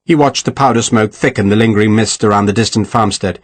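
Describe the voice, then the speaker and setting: A man reading an audiobook in an expressive storytelling manner. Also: on the low side, fast, hardly any pauses. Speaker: audiobook narrator. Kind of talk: scripted narration.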